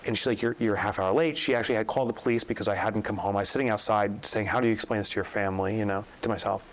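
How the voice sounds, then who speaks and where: Rapid-fire and lowish in pitch, the guest, an author and business coach, tells a story during a podcast interview. He's animated, performs the voices of those he quotes, and rises sharply in pitch when he can't believe something. It's a rough recording.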